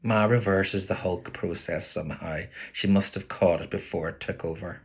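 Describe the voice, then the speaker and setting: A man with a Belfast accent, an author reading his own novel aloud as expressive first-person storytelling. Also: low-pitched, moderate pace, hardly any pauses, husky.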